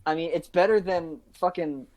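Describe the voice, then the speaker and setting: A woman's voice: fairly low pitch, moderate pace, a little mellow. A woman co-hosting a casual film discussion podcast, talking bluntly and emphatically with lots of swearing. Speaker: podcast co-host.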